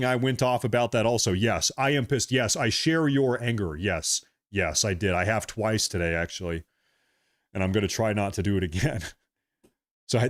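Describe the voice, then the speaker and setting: A man's voice: medium pitch, no echo, studio quality. A man hosting a livestream in a casual, rambling way, reading out viewer messages and thanking them again and again. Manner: rambling, repeats himself, frequent thanks. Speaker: livestream host. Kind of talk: casual livestream chat reading super chats.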